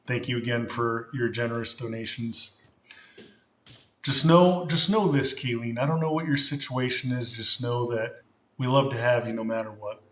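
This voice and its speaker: A man hosting a casual livestream, rambling and full of fillers as he thanks viewers warmly. His voice sits at an ordinary middle pitch, and a roomy echo hangs behind him. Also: fairly even intonation, normal speed, slight background noise. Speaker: livestream host.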